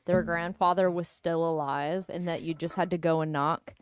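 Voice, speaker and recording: Female co-host, laid-back and chatty; lower pitch, dry close sound. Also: normal speed, clean tone, dry recording. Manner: relaxed, chatty, many fillers. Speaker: podcast co-host. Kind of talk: casual live-stream banter.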